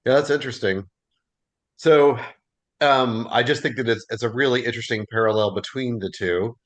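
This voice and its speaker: A man's voice: medium pitch, moderate pace. Casual man leading a Bible class. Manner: relaxed, chatty, many fillers.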